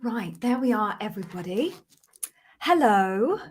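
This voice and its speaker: A woman's voice: mid-range voice, big pitch swings, a little slow, breathy edge. A middle-aged British woman with a cold, hosting a casual live stream from her home office and greeting viewers in an apologetic, chatty way. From Britain. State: has a cold. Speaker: livestream host, former Amazon interviewer. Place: home office with sound-absorbing panels. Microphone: webcam live stream.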